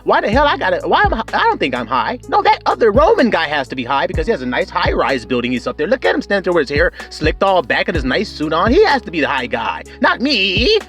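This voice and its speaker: A man's voice: sits high, wildly swooping pitch, fast, few pauses, a bit bright, soft background music, pitched below the performer's own voice, full character voice. A preacher voicing a lazy grumbling man.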